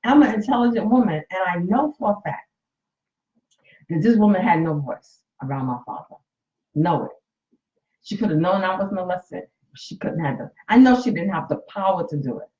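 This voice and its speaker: A woman's voice: on the low side, animated, moderate pace, darkish tone, reverberant, lo-fi sound. A woman in her late fifties, a coach and nurse, talks candidly and emotionally to viewers during a casual live stream from her phone. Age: 50s.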